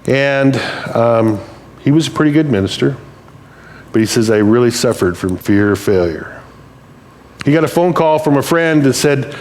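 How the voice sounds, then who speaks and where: A man's voice: mid-range voice, moderate pace. An older man giving a sermon in a church, speaking plainly and conversationally as he tells stories. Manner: storytelling, conversational, plain-spoken. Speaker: preacher.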